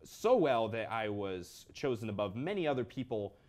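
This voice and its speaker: Young guy cohost, deadpan humor, pitch jumps around a lot, casual chat. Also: normal speed. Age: young adult. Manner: dry, deadpan joking.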